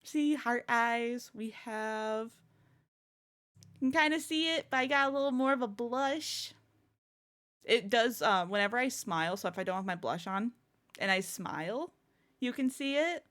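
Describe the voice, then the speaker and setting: Giggly young woman streamer, high voice. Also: a little slow, a bit bright. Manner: giggly, laughs often and gushes. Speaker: streamer showing her new avatar. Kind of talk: casual live-stream chat.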